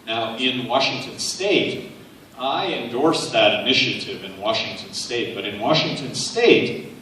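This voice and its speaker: A man's voice: mid-range voice, lively intonation, measured pace, bright, forceful tone, distant mic, a little hiss or hum. Man speechmaking in a cavernous echoey hall. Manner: conversational, anecdotal, frequent "uh" fillers. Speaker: political speaker. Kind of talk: public campaign speech. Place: large university hall. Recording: echoey hall, picked up from afar.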